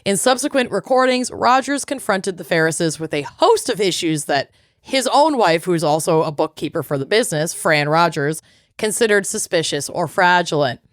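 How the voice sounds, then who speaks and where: A woman's voice: on the low side, expressive, moderate pace, no room sound. Woman retelling a crime case, dry mic. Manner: conversational storytelling, reading court quotes, frequent swearing. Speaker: podcast co-host. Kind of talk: casual chat, retelling a true crime case.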